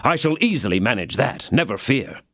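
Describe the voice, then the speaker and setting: A slightly raised, lively voice for a proud young swordsman, ardent and gallant, as a male narrator puts him on. He speaks in eager declarations with a sweeping pitch, in a dry, close recording. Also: a little fast, dry recording.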